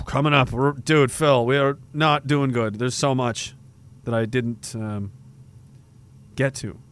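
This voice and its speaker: A man's voice: mid-range voice, fairly even intonation, slow, pauses often, clear, resonant tone. A man hosting a casual livestream, reading viewer comments aloud with sarcasm and frequent laughter. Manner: sarcastic, laughs often, mocking voices. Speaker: livestream host reading chat.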